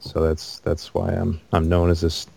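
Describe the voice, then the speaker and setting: A man's voice: deep voice, completely flat delivery, normal speed, vocal fry, warm tone, husky. A man in casual conversation about video games, rambling with many ums and restarts.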